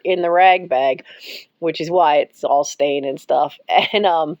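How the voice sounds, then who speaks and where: A woman's voice: low-pitched, a little slow, darkish tone, no echo. A woman talking to her cats while filming at home, cooing and giggling often. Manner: baby-talks to cats, breaks into frequent giggles. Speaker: pet vlogger. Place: cold house, bedroom.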